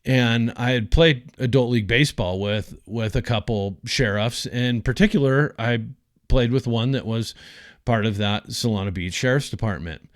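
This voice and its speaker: A man's voice: mid-range voice, normal speed, no echo, clean studio sound. A man hosting a podcast, telling a personal story in a casual, rambling, profane way with lots of fillers. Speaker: podcast host.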